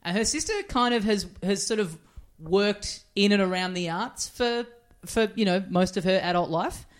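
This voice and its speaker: An Australian man co-hosting a comedy podcast, telling stories in casual, animated chat with plenty of swearing. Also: high-pitched, normal speed, smooth. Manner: animated storyteller, swears freely. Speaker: podcast co-host.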